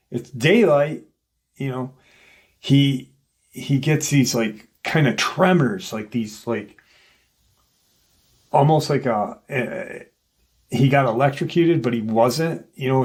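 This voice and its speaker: In a mid-range voice, a man on his own channel slowly narrates an eerie experience, rambling casually and acting out the quoted voices.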